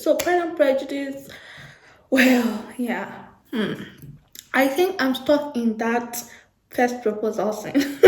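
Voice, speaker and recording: Young woman book vlogger, gushing and giggly, a bit high-voiced, roomy echo. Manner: gushing, animated, repeats herself, laughs often. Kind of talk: casual chat to camera. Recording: echoey room.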